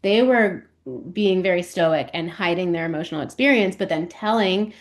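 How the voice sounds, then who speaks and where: Thoughtful, low-voiced woman guest. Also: normal speed. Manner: thoughtful, explains at length with frequent fillers. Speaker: perinatal mental health specialist, podcast guest. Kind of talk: explanatory interview talk.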